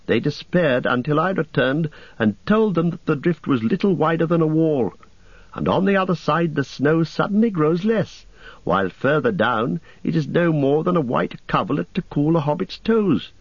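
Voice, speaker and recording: Legolas, a man voicing a high lilting elf. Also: expressive, moderate pace, breathy edge, dry recording, highs cut off. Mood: hopeful. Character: light-footed cheerful male elf.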